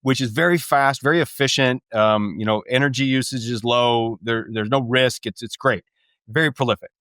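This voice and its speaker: A man with a mid-range voice, interviewed as a guest author. He explains science in a steady, lecturing manner. The recording is dry and close to the mic. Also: mid-range voice, normal speed, no room sound.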